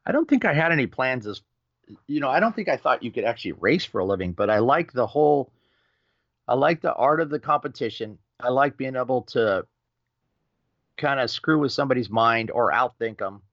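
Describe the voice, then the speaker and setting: A middle-aged man telling a racing story with lively energy, acting out quoted voices and swearing casually as a podcast guest. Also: mid-range voice, fairly quick, no echo, highs cut off. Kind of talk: animated storytelling.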